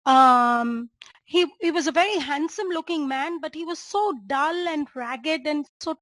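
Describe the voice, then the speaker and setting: A woman's voice: high-pitched, measured pace, fairly bright tone, no room sound. A woman doctor, lecturing on a clinical case and drawing listeners in with questions. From India. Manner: engaging, checks in with listeners and asks rhetorical questions. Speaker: homeopathy doctor and teacher.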